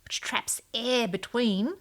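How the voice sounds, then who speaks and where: A woman's voice: fairly high pitch, steady tone, slow pace. Woman chatting about her writing, playful, drops into whispers for jokes. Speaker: writer and vlogger. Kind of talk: casual behind-the-scenes chat.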